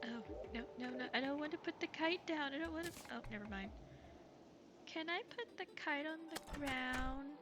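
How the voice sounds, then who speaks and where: A woman streaming live while gaming, chatting casually and gushing excitedly over her viewers. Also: high voice, normal speed, music in the background. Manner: bubbly and gushing, thanks chat excitedly.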